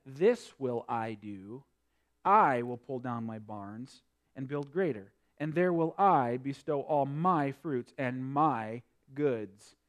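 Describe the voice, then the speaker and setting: A man preaching a sermon, swinging between quiet explanation and loud emphatic preaching. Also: high voice. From North Dakota. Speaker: pastor.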